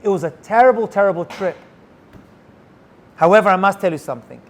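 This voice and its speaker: A male rabbi telling a story in an animated way, dropping Hebrew and Yiddish words as he goes. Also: high voice, brisk. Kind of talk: storytelling talk.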